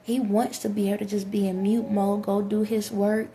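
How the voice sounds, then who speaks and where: A woman's voice: mid-range voice, little pitch movement, normal speed, noisy background. A woman vlogger in a casual spiritual monologue, talking emphatically straight to her viewers and repeating her points.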